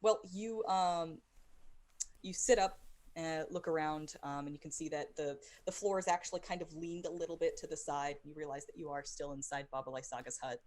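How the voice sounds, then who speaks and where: Woman game master, low voice, halting, filler-heavy narration. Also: fairly even intonation, a little mellow. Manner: hesitant, many ums. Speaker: dungeon master.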